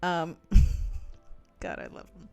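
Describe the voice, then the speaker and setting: A woman's voice: slow pace, soft background music. A young woman hosting a casual crafting chat, rambling through stories and giggling often. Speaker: crafting channel host. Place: home craft table.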